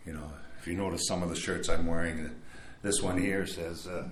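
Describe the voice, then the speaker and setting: A man's voice: low-pitched, steady tone, fairly quick, a little hiss or hum. An older man sharing his recovery story at a meeting in a rambling, casual way, with wry asides. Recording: echoey room, faint background.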